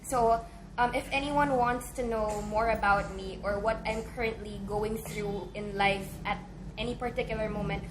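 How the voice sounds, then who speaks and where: Against a noisy background, a confessional poet appearing as a guest discusses her work and performs an intense spoken word piece that swells from hushed to forceful. Her voice is medium-pitched, her pace moderate and her intonation fairly even.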